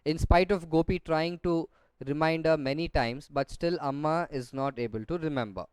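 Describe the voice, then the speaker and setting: A man's voice: a little high, normal speed, a little mellow, smooth, no room sound. A male teacher who reads a textbook story aloud and explains it step by step, rereading lines after slips.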